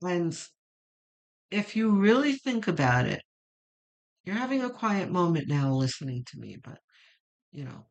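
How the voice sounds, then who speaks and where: A woman's voice: on the low side, big pitch swings, measured pace, creaky, long pauses. A middle-aged woman giving a casual, meandering tarot reading, chatty and full of fillers. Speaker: tarot reader.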